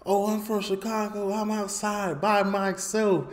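Man doing a short cocky neighbor dude, boastful and fairly high. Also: little pitch movement, unhurried.

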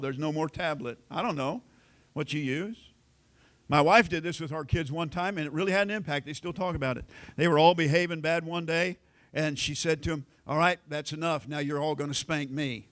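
A middle-aged American pastor preaching a sermon in a folksy storytelling way, acting out family conversations. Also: male voice, on the high side, a little fast, fairly bright tone. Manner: folksy storytelling, acts out quoted family lines.

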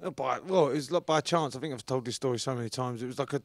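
London man, mid-pitched, dry close studio sound, easygoing guest storyteller. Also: fast, no room sound. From South London. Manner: relaxed, loose, drops in filler words. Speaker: podcast guest, rugby league forward. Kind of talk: casual storytelling. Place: podcast studio.

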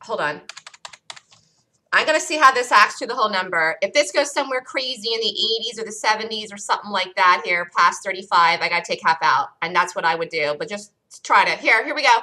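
A woman hosting a live day trading room, excitedly calling trades as they happen, her voice getting worn from talking loud. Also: mid-range voice, fairly quick. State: losing her voice. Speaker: day trading show host.

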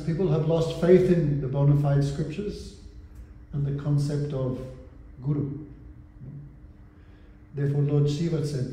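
Male spiritual teacher, slightly high but very mellow dark tone, recites verses, big hall reverb. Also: slight background noise. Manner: recites Sanskrit verses and translates them, asks rhetorical questions. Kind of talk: religious class lecture. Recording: very echoey hall with long reverb.

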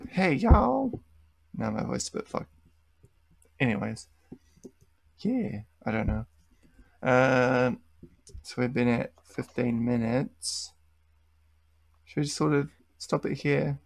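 A man's voice: mid-range voice, a little slow, gravelly, pauses often, dry recording. A young man hosting a casual podcast chat, laid-back, swearing casually and trailing off mid-sentence. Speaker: podcast host.

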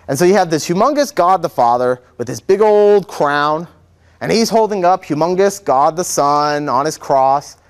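A young man, a seminarian, teaching an adult faith class in a chatty, joking way, acting out quotes. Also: fairly high pitch. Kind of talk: informal classroom lecture. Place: church classroom.

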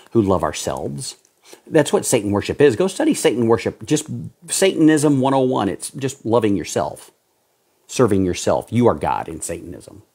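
Man, pastor, sermon, low voice, husky, impassioned exhortation, loud-to-hushed pleading.

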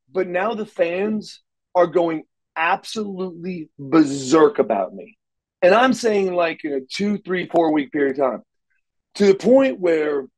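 A man telling wrestling stories in a casual interview, animated and acting out quotes, stumbling over repeated words. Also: a little high, poor audio. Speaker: wrestler guest.

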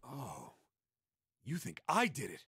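A man's voice: mid-range voice, huge pitch swings, takes it slowly, bright, forceful tone, breathy edge, exaggerated voice. An actor voicing an impatient young man in a video game who explains his plan with exasperation. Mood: explaining. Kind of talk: voiced game dialogue. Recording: game audio under music.

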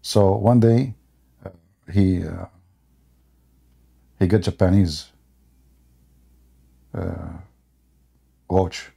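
A man's voice: sits low, extremely slow, creaky, pauses often, warm tone, breathy edge. A man hosting a debate stream, talking in a casual, mocking monologue and wandering into rambling anecdotes, chuckling often. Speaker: debate show host.

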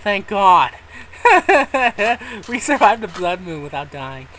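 A gamer giving casual let's-play commentary, excitable, laughing often and swearing when surprised. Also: mid-range voice, slow pace, a little hiss or hum, poor audio. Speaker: gamer playing a modded survival game.

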